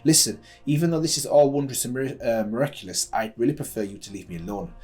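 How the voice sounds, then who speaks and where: A man's voice: mid-range voice, fast, darkish tone, faint music behind, close to an everyday voice. A man voicing a shy, anxious young girl mage, speaking meekly and pleading, read aloud. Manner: meek, pleading.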